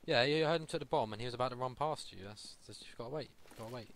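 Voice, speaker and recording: Brief: man gaming commentator, mid pitch, swears a lot, hyped callouts, noisy clicky computer-mic recording. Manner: excitable, swears freely, rapid callouts. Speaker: gamer recording gameplay. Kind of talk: casual gameplay commentary with team callouts. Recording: noisy, keyboard and mouse clicks.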